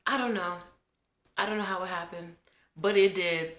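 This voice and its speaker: A woman in her twenties from New Jersey, telling a childhood story to her viewers in an animated, chatty way while getting over a cold. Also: fairly low pitch, measured pace. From New Jersey, USA. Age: 20s. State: has a cold. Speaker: vlogger. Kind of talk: casual storytime vlog. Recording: echoey room.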